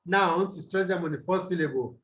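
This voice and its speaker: A man tutoring students over a video call, explaining slowly and quizzing them as he goes. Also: high-pitched, a bit bright. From Nigeria. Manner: slow, deliberate, quizzes students. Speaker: English tutor. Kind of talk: online tutorial lesson.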